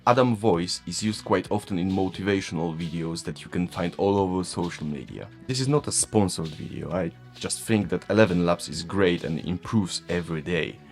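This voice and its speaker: With a low voice and a moderate pace that hardly pauses, a Polish tech vlogger whose first language is Polish talks casually about technology in a Polish accent. He's self-mocking and chuckles a lot, and faint background music plays.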